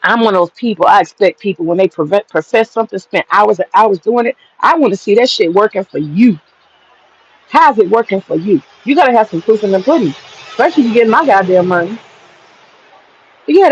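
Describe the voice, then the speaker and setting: Gravelly high-voiced man ranting. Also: dull audio. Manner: blunt, profane, mocking. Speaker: online commentary host. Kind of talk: casual commentary monologue.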